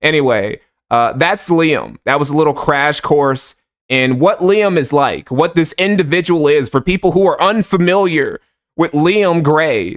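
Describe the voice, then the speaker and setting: A man giving sarcastic, profane, rambling commentary on a livestream while reading donations. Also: a little high. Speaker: streamer reacting to clips.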